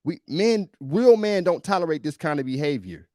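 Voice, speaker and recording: A man's voice: on the high side, lively intonation, normal speed, dark tone, no room sound, clean studio sound. A male podcast host giving emphatic, preachy reaction commentary on a video, often repeating himself.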